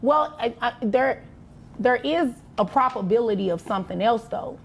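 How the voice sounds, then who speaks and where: A woman's voice: on the high side, animated, moderate pace, creaky, slight background noise. A woman judge on a televised court show, ruling in a firm, matter-of-fact way.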